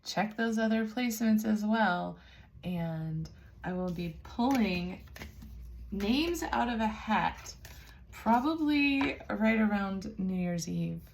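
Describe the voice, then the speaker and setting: Gently nurturing woman tarot reader, gravelly. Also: medium pitch, lively intonation, takes it slowly, a little hiss or hum. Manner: soft, nurturing, calls listener babes. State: teary-eyed, emotional. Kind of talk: spiritual tarot reading.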